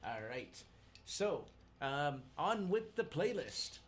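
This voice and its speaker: A man's voice: fairly high pitch, very animated, slow pace, faint music behind. A man hosting a live community radio show, chatting casually and joking in playful pirate lingo from a station studio. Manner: jokey, chuckles at his own puns, slips into pirate lingo.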